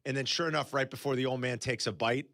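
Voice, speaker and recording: A man hosting a sports radio show, chatting casually and telling stories with animated disbelief in a studio. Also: mid-range voice, quick pace, no room sound. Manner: animated storyteller, exclaims in disbelief. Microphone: studio microphone.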